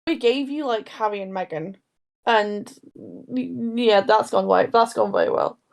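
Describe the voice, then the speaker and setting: A woman's voice: medium pitch, lively intonation, measured pace, creaky. A young woman co-hosting a casual true crime podcast, rambling and breaking into her own story. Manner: rambling, self-interrupting storyteller. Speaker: podcast co-host.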